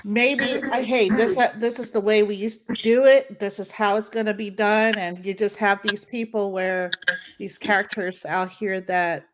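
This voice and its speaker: Animatrice qui acquiesce, bruit de fond net. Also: female voice, mid-range voice, steady tone, moderate pace, noisy background. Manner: affirming, frequent mm-hmms. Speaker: podcast host. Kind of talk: interview questions, casual chat.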